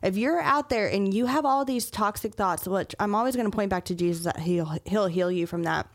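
A young adult woman hosting a casual faith podcast, chatty and quick to laugh, often restarting her sentences. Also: medium pitch. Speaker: podcast host.

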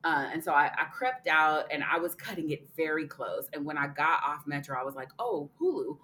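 A woman's voice: sits low, fairly quick, bright, forceful tone, slight background noise, rough recording. A woman co-hosting a podcast, chatting casually in a blunt way and swearing freely. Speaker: podcast co-host. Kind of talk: casual chat.

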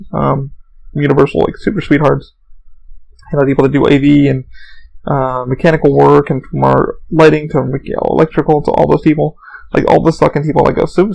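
A man's voice: on the high side, creaky, a little mellow, low-quality recording. A man hosting a podcast, rambling casually and profanely about his theme park job, acting out coworkers as he goes. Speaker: podcast host.

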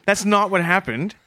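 A man's voice: high-pitched, noisy background. A man co-hosting a comedy podcast, trading playful banter and getting flustered when teased. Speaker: podcast co-host.

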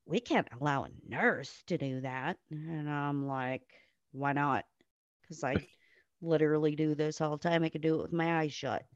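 A woman's voice: low voice, darkish tone, dry recording, lo-fi sound. A nurse, a woman guest on a podcast, telling blunt stories full of swearing and acting out the people she quotes. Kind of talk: casual storytelling on a podcast.

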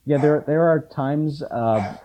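A middle-aged man chatting casually about concerts, often halting and restarting his sentences with ums. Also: fairly high pitch, warm tone, slight background noise, low-quality recording. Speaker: punk fan in conversation. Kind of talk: casual chat.

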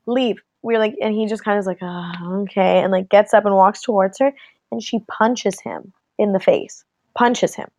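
A woman's voice: mid-range voice, a little fast, dry recording. A young woman casually telling a story to a friend, laughing often and acting out what people said. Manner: animated, laughing often, quoting people in voices.

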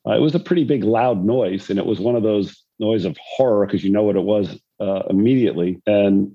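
Older guy rambling through stories, low mellow voice, kinda dull lo-fi sound. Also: a little fast, slightly rough. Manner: rambling anecdotal storyteller. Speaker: guest, father and former pro golfer. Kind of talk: storytelling in a conversation.

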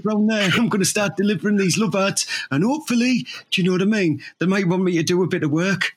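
A man's voice: sits high, fast, slight background noise. A man doing laughing, rambling comedy banter. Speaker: comedy partner.

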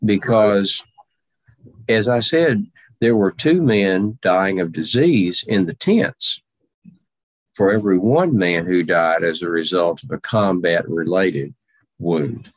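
A man portraying an aging Civil War general and president in first person, speaking with slow, deliberate, formal phrasing. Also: low-pitched, lively intonation, dry recording, full character voice. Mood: earnest. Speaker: historical reenactor in character.

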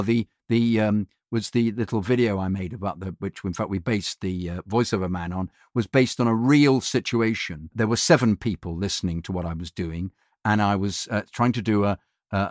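A middle-aged man who does voiceovers, telling studio anecdotes in a casual, halting way, full of fillers and restarts, and often acting out other people's voices. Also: lowish voice, no room sound. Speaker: voiceover artist.

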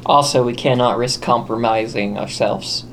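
A man's voice: mid-range voice, fairly even intonation, moderate pace, fairly bright tone, a little hiss or hum. A man playing a tabletop game, talking hesitantly and restarting his sentences. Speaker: player. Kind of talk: casual tabletop game chat.

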